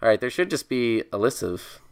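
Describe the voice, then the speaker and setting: Smooth-voiced young man, playful banter. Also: mid-range voice, very animated, fairly quick. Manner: joking, playful, reads text aloud. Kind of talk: casual chat.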